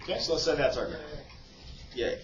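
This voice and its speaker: A male math teacher gives a casual classroom lecture, constantly checking in with his students with "okay?" and "right?". His voice is on the high side and brisk. The recording is echoey, distant, and muffled, with a little hiss or hum.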